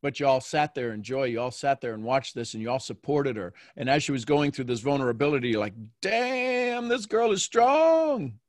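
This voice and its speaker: A man hosting a coaching call, talking in a playful, animated way and acting out little quotes. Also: mid-range voice, a little fast, few pauses, no echo, clean studio sound. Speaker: host and mentor.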